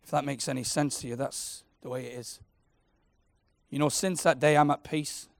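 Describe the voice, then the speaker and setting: A man preaching, passionate and personal, swinging from loud declarations to soft, intimate prayer. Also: mid-range voice, fairly even intonation, normal speed, gravelly, no echo. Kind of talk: sermon.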